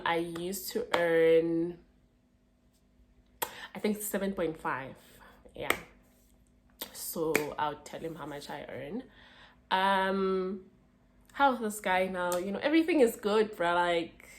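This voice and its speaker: Chatty South African woman, low-toned. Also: a little hiss or hum. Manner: chatty, slangy, laughs as she talks. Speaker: vlogger. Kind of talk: casual storytime.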